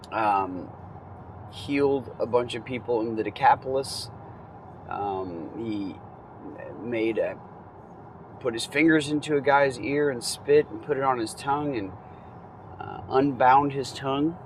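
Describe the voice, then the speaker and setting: A man teaching from the Bible in a relaxed, conversational way, reading passages and adding casual asides. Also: medium pitch, a little hiss or hum, low-quality recording.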